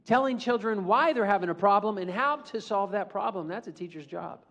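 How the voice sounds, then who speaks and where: A middle-aged motivational speaker gives an animated school assembly talk, leading the audience in call-and-response. His voice sits high and moves briskly.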